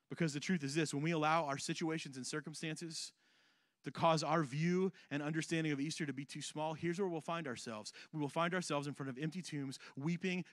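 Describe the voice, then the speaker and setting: A man with a fairly high voice preaches an earnest sermon, repeating phrases for emphasis. He drops to quiet, low lines and then climbs back up louder. The sound is dry and close, with no room echo. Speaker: pastor.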